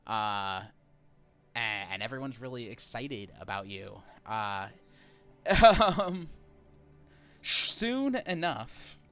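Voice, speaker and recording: A man's voice: lowish voice, expressive, takes it slowly, fairly bright tone, clean tone, soft background music. A man narrating a tabletop game as game master, describing scenes in a rambling, filler-heavy way.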